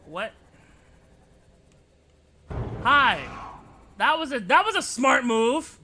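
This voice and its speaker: A young man streaming a game live and bantering loudly with his chat, excitable and quick to yell. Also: very high-pitched, a little hiss or hum. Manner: excitable, yelling at chat, quick mood swings. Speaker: VTuber streamer.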